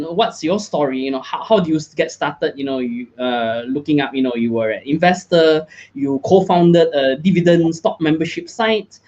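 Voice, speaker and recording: A man's voice: fairly high pitch, a little mellow, lo-fi sound. A man hosting a casual live chat, upbeat and chatty. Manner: upbeat, chatty, frequent laughs and fillers. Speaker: host.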